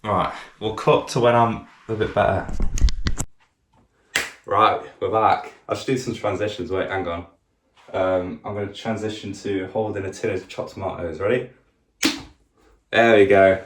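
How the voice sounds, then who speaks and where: A man's voice: fairly low pitch, fairly even intonation, measured pace, long pauses, noisy background. Swearing, rambling man cooking. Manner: rambling, self-mocking, swears a lot. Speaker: cooking channel host. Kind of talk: casual cooking vlog. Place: home kitchen. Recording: echoey kitchen with clattering pans.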